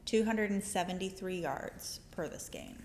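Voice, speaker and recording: A woman's voice: fairly low pitch, moderate pace, darkish tone, a little hiss or hum. A woman co-hosting a casual knitting chat in a yarn shop, chatty, with lots of ums and laughter.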